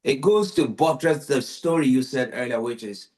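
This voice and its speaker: A man hosting a podcast, telling stories in lively casual conversation and acting out the people he quotes. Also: mid-range voice, normal speed. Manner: animated storyteller, acts out quotes.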